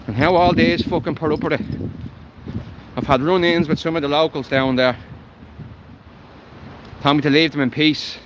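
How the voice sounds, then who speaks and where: Irish man, fairly high voice, blunt and profane, outdoors, wind noise on the mic. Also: steady tone, normal speed, long pauses. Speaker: livestreamer. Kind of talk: live walking vlog. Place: outdoors by a canal, walking a dog.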